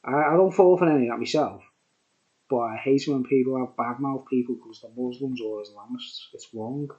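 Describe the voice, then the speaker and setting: A man's voice: mid-range voice, moderate pace, a little mellow, dull audio. A tipsy man rambling on camera in a casual monologue, repeating himself and tagging lines with "mate" and "right?". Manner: rambling, repetitive, keeps adding "mate" and "right?". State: tipsy from drinking. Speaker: vlogger reviewing beer.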